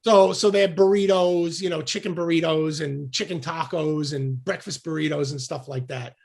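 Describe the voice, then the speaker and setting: A man from the United States, a podcast guest, telling a story in casual chat, lively and laughing as he acts out what people said. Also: on the high side, normal speed, creaky. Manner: animated storyteller, acts out quotes with shouts and laughs.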